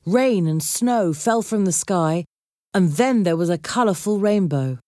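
A woman reading a children's storybook aloud in a clear, measured storytelling voice. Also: medium pitch, lively intonation, warm tone, no echo, clean studio sound. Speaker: narrator.

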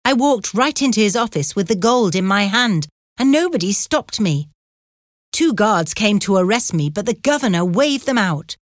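A woman's voice: medium pitch, expressive, moderate pace, no room sound, clean studio sound, close to an everyday voice. Woman reading as an earnest young man. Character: young man, freed convict, bold and tender.

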